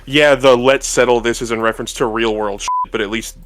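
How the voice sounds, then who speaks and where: A man's voice: mid-range voice, steady tone, a little fast. A man co-hosting a casual podcast chat, laid-back and profane. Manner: laid-back, profane, mock-voices in asides. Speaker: co-host.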